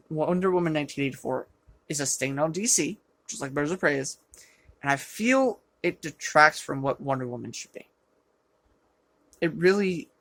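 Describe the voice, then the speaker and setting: This is a ranting, sarcastic movie review from an exasperated film reviewer who keeps bursting out loudly. The speaker calls their voice rough; the recording comes from a low-quality camera and has no room sound.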